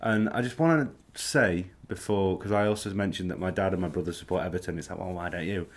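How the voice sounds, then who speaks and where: A man from England chatting casually on a podcast at home, animated and swearing freely. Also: low voice, quick pace. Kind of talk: casual chat. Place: a home flat.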